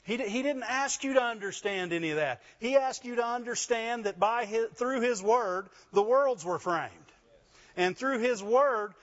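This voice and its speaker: A man delivers a sermon in a high, bright-pitched voice, pressing his points and checking in with the congregation through call-and-response. The recording sounds dull and lo-fi. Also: normal speed. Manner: call-and-response preaching, frequent "Amen?" and "Right?". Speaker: pastor.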